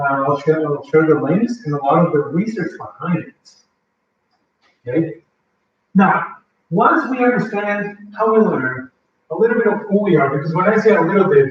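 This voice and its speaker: Here the workshop presenter's voice runs on the high side as he teaches language learning to a live audience. He keeps it conversational and asks the room questions often. Slight background noise, echo, and a dull tone suggest a distant mic.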